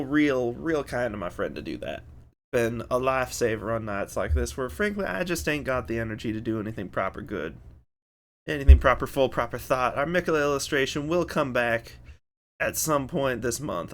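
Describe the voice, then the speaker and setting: A young man from the American South, streaming in a deliberately overdone Southern accent. He is worn out and rambles in a self-mocking way, full of folksy slang. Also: mid-range voice, fairly bright tone. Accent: Southern American, exaggerated on purpose. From Southern United States. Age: young adult. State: very tired. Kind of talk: casual stream chat.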